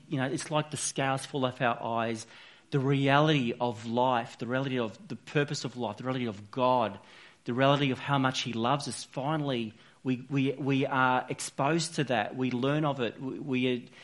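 Earnest man preaching a casual sermon. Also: medium pitch. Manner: earnest, conversational, with frequent restarts and "you know". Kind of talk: informal sermon.

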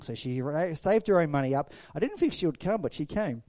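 A middle-aged pastor with a mellow, relaxed voice pitched on the high side preaches a little fast, with hardly any pauses. He swings between loud, lively storytelling and quiet, intimate moments, captured in close, dry sound with no room noise.

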